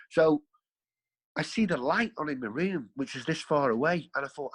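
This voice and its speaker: A man's voice: fairly high pitch, lively intonation, a little fast, a bit bright, rough recording. A man, a podcast guest, telling his life story in a rambling, earthy way, correcting himself as he goes. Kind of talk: candid storytelling.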